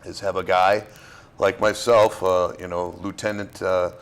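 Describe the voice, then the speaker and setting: A man from Florida, an actor being interviewed, talking in a relaxed, halting way with fillers and restarts. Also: deep voice. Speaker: actor guest. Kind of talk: casual interview talk.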